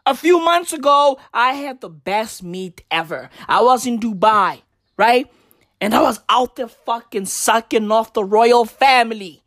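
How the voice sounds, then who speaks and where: A woman's voice: fairly high pitch, expressive, a little slow, a bit bright, no echo, clean studio sound. A woman doing a brash, profane comic rant and mocking other people's voices. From South Africa. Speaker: comedian.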